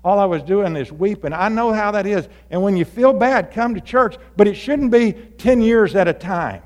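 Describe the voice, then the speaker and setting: A male pastor delivers an animated sermon from the pulpit, his voice pitched high. He swings from quiet asides to fired-up shouting. The sound carries a long reverb from the church hall. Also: normal speed. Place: church sanctuary.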